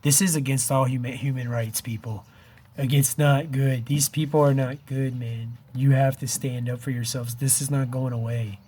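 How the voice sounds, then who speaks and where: Speaking directly to camera in an impassioned vlog, this fifties-aged man begs his viewers, emotional and on the verge of tears, repeatedly dropping "dude" and "man." The voice is mid-range, mellow and husky, with fairly even intonation at a moderate pace.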